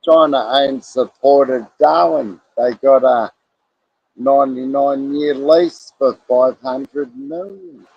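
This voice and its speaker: A man joins a livestream over a dull, lo-fi line. His voice is gravelly and husky, and he talks slowly and bluntly in a dry, close sound. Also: medium pitch, lively intonation. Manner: blunt, swearing. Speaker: livestream guest. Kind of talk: casual chat call-in. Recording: dull lo-fi call audio.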